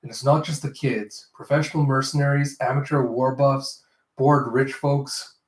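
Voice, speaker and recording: A man's voice: medium pitch, steady tone, moderate pace, close to an everyday voice. Man reading as a stern, blunt female warrior. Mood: explaining. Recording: roomy echo.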